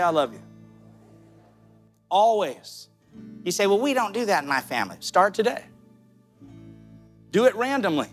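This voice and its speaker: Man, Southern accent, pastor, sermon, higher pitch, conversational, faint music behind. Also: a bit bright. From American South. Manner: conversational, direct, with quick asides.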